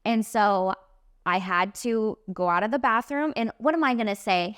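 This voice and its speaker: Smooth-voiced young woman telling a story. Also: medium pitch, normal speed, dry recording, clean studio sound. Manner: animated, emphatic storytelling with lots of "like" and "literally". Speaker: podcast host and makeup artist. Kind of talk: casual storytelling monologue.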